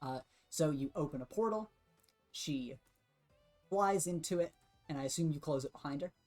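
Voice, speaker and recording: A woman narrating a tabletop game as game master, relaxed and giggly, with many fillers. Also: low voice, moderate pace, soft background music.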